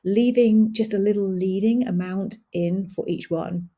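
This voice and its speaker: A woman hosting a blogging tutorial, walking through software on screen in a casual, thinking-aloud way with many pauses and fillers. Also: medium pitch. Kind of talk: screen-share software walkthrough.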